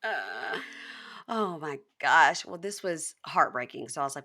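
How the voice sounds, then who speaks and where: A woman's voice: sits low, a little slow. A woman hosting a podcast, chatting casually and acting out scenes from a reality show in raised voices over a video call. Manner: animated, acts out quotes in raised voices. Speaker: podcast host.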